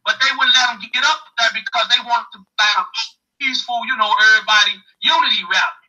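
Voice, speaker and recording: A man telling a story on a talk show, animated and profane, acting out what other people said. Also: very high voice, fast, low-quality recording.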